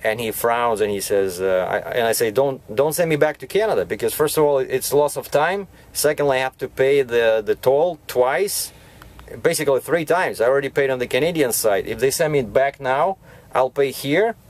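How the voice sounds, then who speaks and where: A man who drives a truck, chatting from his cab as he tells a long, rambling story. He starts over often and keeps asking "right?" to pull the listener along. His voice sits at an ordinary middle pitch. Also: expressive, moderate pace. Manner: rambling, with frequent restarts and "you know, right?". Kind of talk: casual storytelling vlog.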